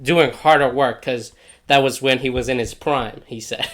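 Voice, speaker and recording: A man's voice: medium pitch, steady tone, normal speed, a bit bright. A young man co-hosting a podcast, telling a casual story in a laid-back, slangy way and laughing often. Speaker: podcast co-host.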